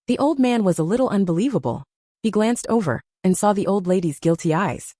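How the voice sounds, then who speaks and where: A woman narrating a first-person audiobook story in a steady storytelling manner. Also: medium pitch, fairly quick, no echo, studio quality.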